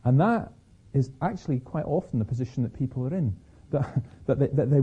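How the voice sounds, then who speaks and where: A man's voice: medium pitch, animated, fairly quick, mellow, husky, highs cut off. A man giving a Christian talk, telling personal stories with frequent restarts and repeated words. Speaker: Christian speaker.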